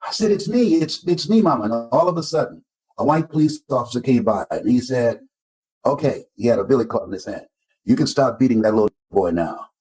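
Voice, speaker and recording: A man's voice: medium pitch, expressive, brisk, mellow, husky, rough recording. An older man from Florida, a motivational speaker telling stories in an interview and acting out the voices he quotes. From Florida, United States. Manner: emphatic storyteller who acts out quoted voices. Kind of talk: interview storytelling.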